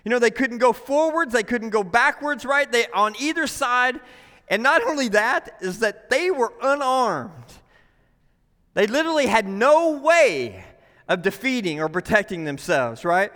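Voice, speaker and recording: In a church sanctuary with long hall reverb, a pastor preaches a sermon in a very high, pushed and bright voice. He's unhurried and emphatic with lively intonation, often asking the room "right?"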